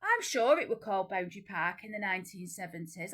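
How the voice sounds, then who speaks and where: A woman in her forties with a Northern English accent, chatting casually to camera in a rambling, animated way. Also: fairly quick, hardly any pauses. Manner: chatty, rambling, many restarts and repeats; animated, pitch jumping up when excited. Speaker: vlogger.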